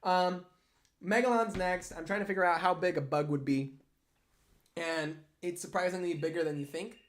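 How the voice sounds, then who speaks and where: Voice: mid-range voice, steady tone, normal speed. A young adult artist chatting casually on a livestream, answering viewer questions with rambling, jokey asides. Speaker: artist streamer.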